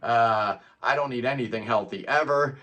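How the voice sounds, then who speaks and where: Bright-voiced chatty middle-aged man. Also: medium pitch, normal speed. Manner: rambling, chatty, peppers sentences with "man". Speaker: music vlogger. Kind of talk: casual solo monologue.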